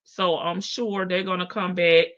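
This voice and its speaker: Sassy woman live-stream host, bright voice, brash and profane, dull lo-fi audio. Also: fairly low pitch, flat delivery, a little slow, no echo. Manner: sassy, brash, swears freely and laughs often. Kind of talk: casual live-stream commentary. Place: home in Las Vegas.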